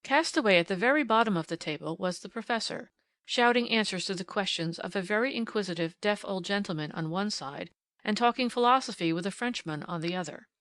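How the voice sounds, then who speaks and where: A woman's voice: mid-range voice, fairly bright tone, no room sound. A woman reading a classic novel aloud in scripted first-person audiobook narration, with a wry storytelling manner.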